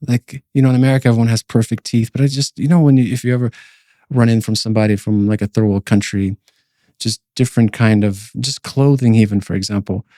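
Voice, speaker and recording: A man's voice: fairly low pitch, fairly even intonation, fast talker, warm tone, no room sound, clean studio sound. A man co-hosting a podcast, recounting a personal dream as a testimony in a rambling way, full of fillers and restarts. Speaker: podcast co-host.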